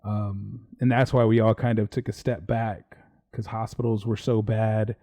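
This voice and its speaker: A man's voice: fairly low pitch, level tone, a little slow, dark tone. Casual Texan male podcast co-host, rambling and easygoing. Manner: laid-back, rambling, swears casually. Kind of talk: casual live-stream chat.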